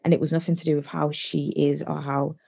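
A woman's voice: deep voice, little pitch movement, gravelly, mellow, breathy edge. A young woman casually telling a personal story on a podcast, chatty with lots of "like" fillers. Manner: chatty, many likes, quick bursts of laughter-ready storytelling. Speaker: podcast guest.

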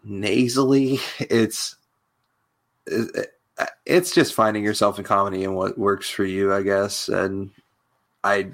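A man's voice: lowish voice, level tone, slow, long pauses. A man, a comedian guest, chatting casually in a loose, laid-back way, full of fillers. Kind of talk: casual chat.

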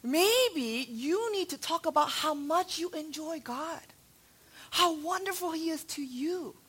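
A woman's voice: extremely high pitch, lively intonation, unhurried, a bit bright. A woman in her thirties preaching a sermon, telling stories with animation and quizzing her congregation. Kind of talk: sermon to a church family.

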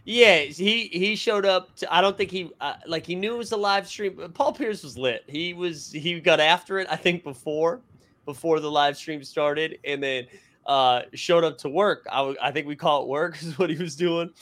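A man's voice: a little high, moderate pace, a bit bright. A man co-hosting a casual sports talk show, telling anecdotes animatedly and laughing through them. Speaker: podcast co-host.

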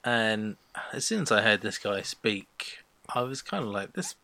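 A man's voice: lowish voice, lively intonation, unhurried, gravelly, sharp tone, dry recording. A man co-hosting a podcast, chatting bluntly and opinionatedly about a sitcom. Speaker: podcast co-host reviewing a sitcom. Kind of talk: casual chat.

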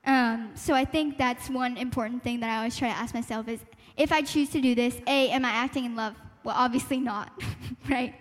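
A young woman with a high, bright-pitched voice speaks earnestly at a church youth meeting. She is reflective and thinks aloud, with little laughs and fillers. The sound carries a long hall reverb. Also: steady tone, brisk, hardly any pauses. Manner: reflective, laughs lightly, talks through her thoughts with fillers. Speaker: panel speaker sharing a testimony.

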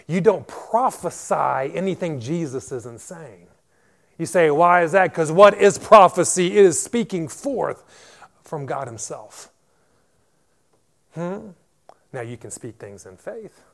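Emphatic preaching man, fairly high voice. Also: expressive, slow, vocal fry, a bit bright. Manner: preaching with rising, emphatic declarations and repeated words. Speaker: pastor. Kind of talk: sermon.

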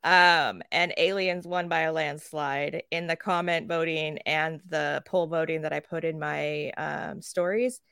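A woman co-hosting a casual podcast. She rants in a lively way, swears freely and acts out quoted characters. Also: low voice, a little slow, gravelly, few pauses, clear, resonant tone, dry recording, clean studio sound. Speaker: podcast co-host.

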